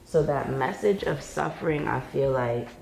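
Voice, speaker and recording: A woman's voice: extremely low pitch, animated, normal speed, gravelly, a little mellow, roomy sound, rough recording. A woman speaking candidly and wryly in a conversation, laughing at her own jokes. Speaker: guest in a discussion video. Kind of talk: conversational commentary.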